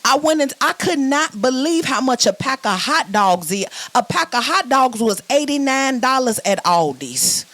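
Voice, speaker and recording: A young woman doing a virtual stand-up comedy set, loud and sassy, often repeating words as she starts a phrase. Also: high voice, sing-song, normal speed, few pauses, no room sound. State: sweating.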